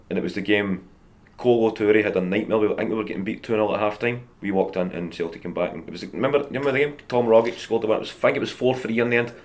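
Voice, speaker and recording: A man's voice: lowish voice, a little mellow. A Scottish man in his thirties, a comedian guest chatting casually and telling stories with a lot of laughter. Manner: chatty storyteller, laughs often. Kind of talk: casual chat.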